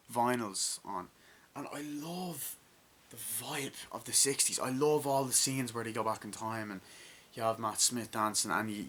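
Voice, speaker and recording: A man's voice: lowish voice, pushed and bright, a little hiss or hum. A man with an Irish accent giving a casual, rambling and enthusiastic movie review, swearing now and then.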